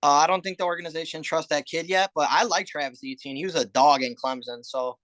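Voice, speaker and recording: A man's voice: on the high side, fast, fairly bright tone, no room sound. A man co-hosting a sports betting podcast, talking casually with a lot of hesitation fillers. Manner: hesitant, lots of uh and um. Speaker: podcast co-host.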